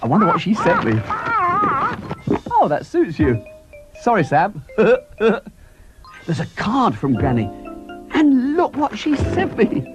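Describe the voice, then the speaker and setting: A man voicing a cheerful, excitable young male pig in a cartoon, bubbly and giggly, full of exclamations. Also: sits high, slow pace, pauses often, heavily acted. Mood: excited. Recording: dull VHS tape with loud music.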